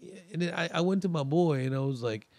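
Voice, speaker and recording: A man's voice: fairly high pitch, fast, a little mellow. A male comedian telling a rambling story in casual chat, restarting sentences and acting out what others said. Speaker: comedian guest.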